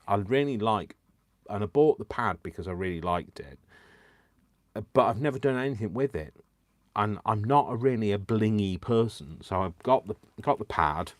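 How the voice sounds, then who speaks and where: A man's voice: on the low side, no room sound. A man hosting a live crafting stream, chatting in a giddy, rambling way, mocking himself and chuckling to himself. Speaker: crafting livestream host. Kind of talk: casual live crafting chat.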